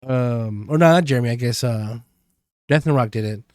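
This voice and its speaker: A man's voice: medium pitch, normal speed, a little mellow, no room sound, studio quality. A man co-hosting a podcast, casually recapping a TV episode with rambling asides and many "um"s. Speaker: podcast co-host.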